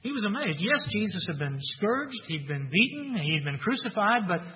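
Earnest male preacher, slightly high, booming then hushed; dull recording in a big echoing church. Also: very animated, moderate pace. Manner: earnest preaching, rising loud for emphasis, dropping soft for weight. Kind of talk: sermon. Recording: dull sound with long hall reverb.

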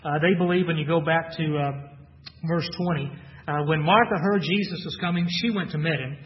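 A man with a high voice delivers an earnest sermon, reading verses aloud and then unpacking them. The sound is muffled, with long reverb from a large church hall. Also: a little fast. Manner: earnest, reads scripture aloud then explains it. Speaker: preacher. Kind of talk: expository sermon.

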